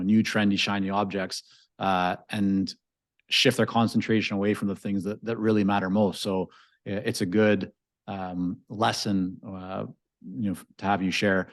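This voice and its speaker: A man hosting a podcast, asking long, meandering questions with fillers. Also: fairly low pitch. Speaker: podcast host. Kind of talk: interview questions.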